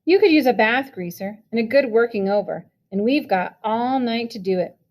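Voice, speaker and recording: A woman's voice: a little high, expressive, normal speed, darkish tone, close to an everyday voice. A woman voicing a drunk, sneering rich teenage boy who taunts slightly unsteadily, in a storybook reading. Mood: taunting.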